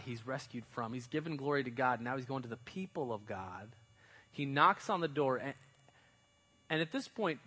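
A man's voice: mid-range voice, a bit bright, low-quality recording. Casual, chatty male preacher. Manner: chatty, uses slang and fillers, dramatizes stories. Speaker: pastor. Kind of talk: casual conversational sermon.

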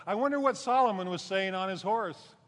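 Speaking fairly quickly, this male pastor gives a conversational sermon in a somewhat high, fairly bright voice. He climbs in pitch for emphasis and settles low when finishing a thought, with long hall reverb on the recording.

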